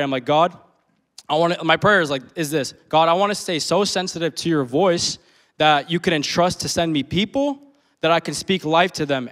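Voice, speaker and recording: A man's voice: a little high, fairly bright tone. A man in his twenties telling a personal story during a sermon, casual and full of slang, laughing often. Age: 20s. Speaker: preacher.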